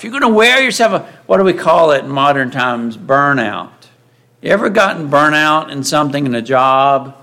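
A man's voice: a little high, sing-song, moderate pace, sharp tone. A man preaching a sermon in a conversational way, often asking his listeners rhetorical questions.

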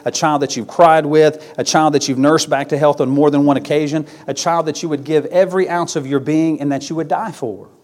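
Male preacher, slightly higher pitch, earnest sermon delivery with emphatic build-ups. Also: a little mellow. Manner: earnest, with rising emphatic peaks and repeated phrases.

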